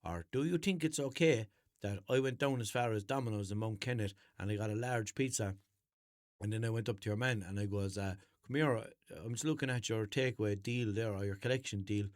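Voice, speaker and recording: A man's voice: on the low side, a little fast, dry recording. Young Irish male podcast host, loose unscripted rambling, mock-serious humour, dry close mic. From Ireland. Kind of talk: unscripted comedic monologue.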